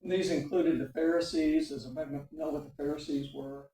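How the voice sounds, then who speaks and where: A man's voice: on the high side, steady tone, fast talker, mellow. Roomy, distant man teaching a church class. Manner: lecturing with frequent fillers and "okay?" checks. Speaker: adult education class teacher. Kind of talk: classroom lecture with discussion.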